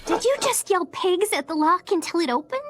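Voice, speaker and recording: A woman voicing a brainy, bossy cartoon princess who yells in a high, shrill voice. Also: animated, brisk, slight background noise. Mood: startled. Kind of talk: cartoon voice acting.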